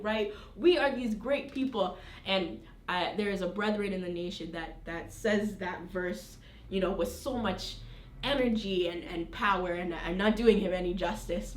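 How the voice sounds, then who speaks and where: A woman leading an informal Bible study in a conversational way, reading verses aloud and checking in with her listeners. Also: lowish voice. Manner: conversational, frequent tag questions, reads scripture aloud. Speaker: Bible teacher. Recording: roomy, distant mic.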